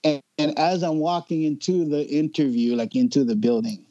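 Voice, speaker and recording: A man in his forties from Hawaii, a guest artist telling stories in a relaxed, slangy chat. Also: fairly high pitch, normal speed, no echo, lo-fi sound. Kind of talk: casual chat.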